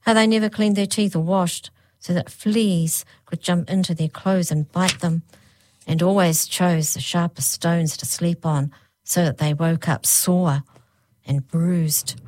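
A woman narrating a children's storybook aloud, slowing right down on the spooky phrases. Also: lowish voice, steady tone, darkish tone. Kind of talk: storybook reading.

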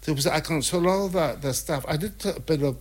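A man, a guest telling animated anecdotes, laughing often and acting out what people said. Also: fairly high pitch, fast. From North Island of New Zealand. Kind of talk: anecdotal storytelling.

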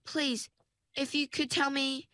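A woman voicing an anxious young mermaid girl in a storybook reading, speaking high and pleading. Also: flat delivery, slow pace, bright, forceful tone, no room sound, clean studio sound, heavily acted. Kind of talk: storybook narration.

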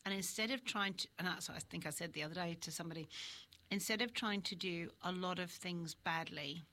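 Reflective woman with a lowish voice. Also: a little fast, sharp tone. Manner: reflective, thinks aloud with restarts. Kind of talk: casual faith conversation.

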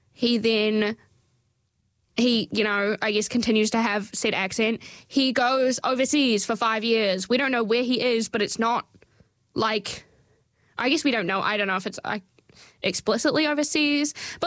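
A woman's voice: on the high side, a bit bright, no room sound. A woman giving a casual, chatty film review, full of fillers, restarts and wry asides.

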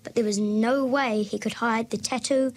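A woman reads a passage from a children's novel aloud as a guest reader. She reads in a relaxed way, now and then restarting or correcting herself. Her voice sits fairly high. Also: normal speed.

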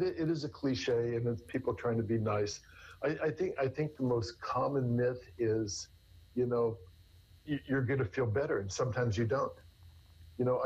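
A man's voice: on the low side, darkish tone, husky, lo-fi sound. A man, a therapist, explaining in conversation with everyday examples in an earnest way. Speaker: therapist guest. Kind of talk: conversational interview answers.

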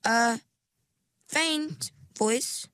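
A woman voicing a timid, polite young mergirl in a storybook, hesitant and halting. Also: a little high, a bit bright, no echo, pitched above the performer's own voice. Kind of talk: storybook reading.

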